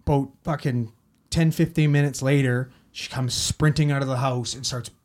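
A man's voice: mid-range voice, fairly even intonation, moderate pace. A man, a paramedic telling a story in casual talk, rambling and swearing a lot. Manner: heavy swearing, rambling with fillers.

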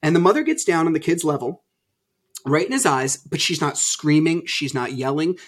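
Guy on a video call telling his story, acts out arguments, gets loud fast. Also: on the high side. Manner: animated, acts out past arguments. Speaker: podcast guest. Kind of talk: candid storytelling.

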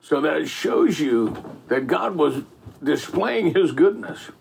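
A man's voice: fairly high pitch, lively intonation, slow pace, creaky, a little mellow, a little hiss or hum. A middle-aged man telling faith stories in a rambling, folksy way, full of "man" and "you know". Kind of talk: casual faith storytelling.

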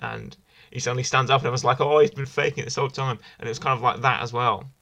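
A man's voice: medium pitch, steady tone, very fast, gravelly, fairly bright tone. A man hosting a casual wrestling review podcast, rambling and enthusiastic, often repeating himself. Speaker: podcast host.

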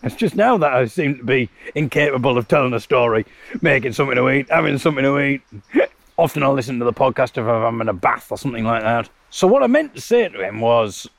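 A man's voice: mid-range voice, big pitch swings, fairly quick, gravelly, no echo. A man hosting his podcast while out on a river walk, telling stories in a rambling, self-deprecating way and laughing often. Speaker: podcast host. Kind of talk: casual walking monologue.

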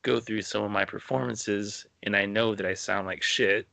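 Gravelly low-voiced podcast host. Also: male voice, steady tone, moderate pace, bright, forceful tone, no echo. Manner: laid-back, filler-heavy with lots of "you know". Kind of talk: casual interview chat.

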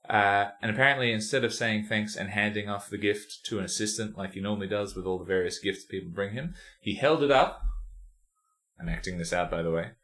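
A man's voice: fairly low pitch, a little fast, a bit bright. A man co-hosting a podcast in casual chat, joking, rambling and laughing often. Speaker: podcast co-host.

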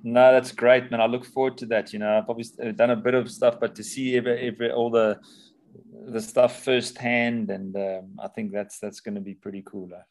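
A young man, a new coach, chatting casually in an interview, relaxed and quick to laugh, often tagging his sentences with "eh?". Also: medium pitch. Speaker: guest coach.

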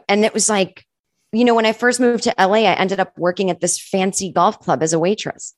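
A woman's voice: medium pitch, steady tone, brisk, dry recording, studio quality. A woman comedian, a podcast guest, telling stories in casual chat, full of "like" and acting out what people said. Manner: chatty, fills speech with "like", acts out quoted people. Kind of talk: casual podcast interview storytelling.

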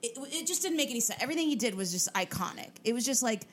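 A woman co-hosting a podcast, telling a story in casual chat, animated and full of swearing and fillers. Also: a little high, racing. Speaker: podcast co-host.

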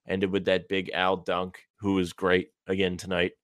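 A man with a lowish voice co-hosting a sports podcast, walking through plays in a steady, measured way. His voice sits close to the mic in a dry, dead space. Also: no echo. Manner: steady, measured game analysis with short asides. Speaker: podcast co-host. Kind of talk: casual sports podcast analysis.

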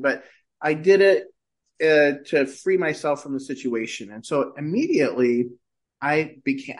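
A middle-aged man, a podcast guest, telling a personal story in casual conversation and lifting his voice when he quotes himself. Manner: animated, shifts pitch when quoting himself.

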